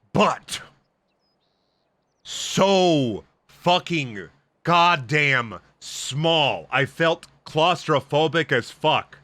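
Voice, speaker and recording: A man's voice: on the high side, bright, forceful tone, no room sound. A young man streaming, ranting emphatically and swearing heavily in casual talk.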